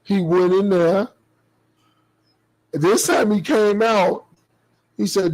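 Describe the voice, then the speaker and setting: A man's voice: high-pitched, slow pace, pauses often, a little mellow, poor audio. A man co-hosting a casual family talk show, telling stories in a laid-back, slangy and profane way. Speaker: podcast co-host. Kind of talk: casual chat.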